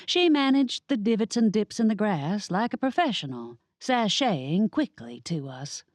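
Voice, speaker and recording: A woman's voice: mid-range voice, sing-song, a little slow, dry recording. A woman narrating a first-person cozy mystery audiobook in a wry, sassy manner.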